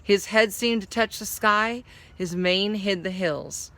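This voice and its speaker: Bright-voiced woman reading a story. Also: mid-range voice, slow pace. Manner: explains hard words while reading. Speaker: story reader.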